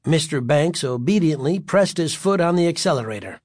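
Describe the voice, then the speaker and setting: A man narrating a chapter of a story in an even storytelling voice. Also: fairly high pitch, moderate pace, no room sound, studio quality. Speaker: audiobook narrator. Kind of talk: scripted narration.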